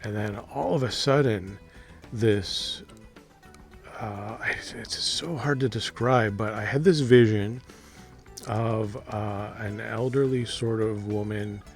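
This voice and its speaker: Guy rambling about his dreams, lowish voice, lots of ums and little laughs, faint music behind. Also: takes it slowly. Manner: rambling, hesitant, with soft laughs. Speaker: dream vlogger. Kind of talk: casual monologue to camera.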